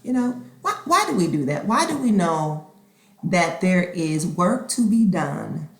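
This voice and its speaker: A woman hosting a podcast in a casual, expressive monologue. She acts out conversations and sometimes slips into a whisper. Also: fairly low pitch, measured pace. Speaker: podcast host. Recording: roomy echo.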